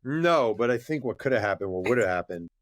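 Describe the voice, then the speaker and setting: A male author, a guest on a podcast, telling stories in a casual, lively way and acting out the dialogue. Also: medium pitch, brisk, no echo, clean studio sound. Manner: lively storyteller who acts out dialogue and uses many fillers. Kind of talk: casual interview storytelling.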